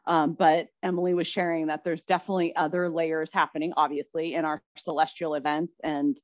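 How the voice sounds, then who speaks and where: A woman's voice: deep voice, level tone, brisk, darkish tone, dry recording. A woman co-hosting a podcast in casual chat, chatty and agreeable, often laughing. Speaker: podcast co-host. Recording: dry, slightly dull sound.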